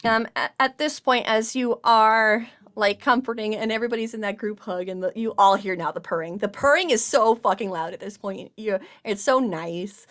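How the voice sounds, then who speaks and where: A woman's voice: mid-range voice, moderate pace, few pauses, a bit bright. A woman narrating a tabletop game as game master in casual, chatty talk. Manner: casual, chatty, laughs often.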